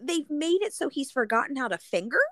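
A woman's voice: sits high, sing-song, a little fast, a bit bright, no room sound. A young woman guest on a podcast, chatting casually and emphatically, often mimicking people. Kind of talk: casual chat.

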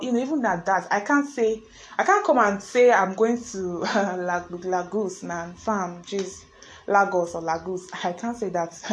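A young adult woman with a Nigerian accent, telling a story to her viewers in a chatty, expressive way with slangy asides. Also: mid-range voice, low-quality recording. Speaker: vlogger.

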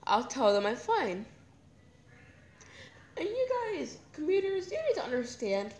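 A woman's voice: sits high, sing-song, a little slow, long pauses, a little mellow. A young woman hosting her own podcast, talking candidly and emotionally in a rambling, casual way. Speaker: podcast host. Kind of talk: casual personal talk. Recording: echoey room with faint ambience.

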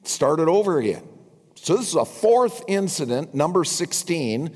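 A man's voice: a little high, big pitch swings, a little slow, a little mellow. An older man preaching a sermon as pastor, with wry asides to his congregation. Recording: long reverb from a large hall.

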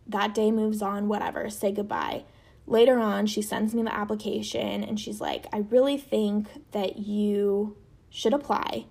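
A young woman in her twenties hosts a podcast and tells a personal story in a casual, chatty way, with lots of fillers. Her voice is creaky and a little mellow, and it jumps up high whenever she quotes someone.

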